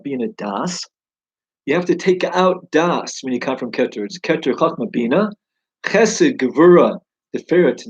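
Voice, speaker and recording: A man's voice: medium pitch, a little mellow, slightly rough, muffled recording. A man giving an informal, enthusiastic Torah teaching in a conversational way. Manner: enthusiastic, conversational, exclaims wow. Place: home study.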